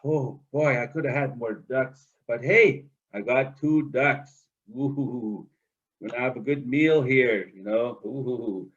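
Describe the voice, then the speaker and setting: A man's voice: mid-range voice, a little slow, slightly rough, dull audio. A man voicing a greedy male trickster spirit who exclaims, huffs and chuckles. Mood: gloating.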